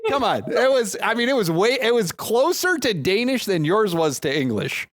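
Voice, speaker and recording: A man hosting a live esports tournament, animated and quick to laugh as he chats with his co-caster. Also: high-pitched, no room sound, studio quality. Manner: animated, laughs easily, excitable. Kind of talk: live esports commentary and banter.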